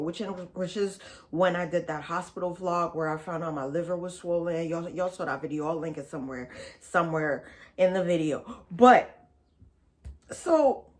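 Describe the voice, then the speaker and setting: A woman vlogger telling a storytime in a casual, blunt and profane, chatty way. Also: on the low side.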